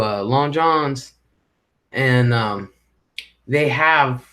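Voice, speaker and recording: A middle-aged man hosts a live stream and rambles through viewer comments. He talks in an unhurried, drawn-out way at a middling pitch. When something annoys him, he swears freely. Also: fairly bright tone. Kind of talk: casual live chat reading viewer comments.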